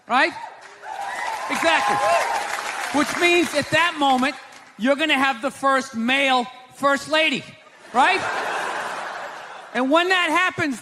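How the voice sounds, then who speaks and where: A male stand-up comedian ranting loudly with mock outrage in a live set. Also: very high-pitched. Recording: live concert hall with crowd noise.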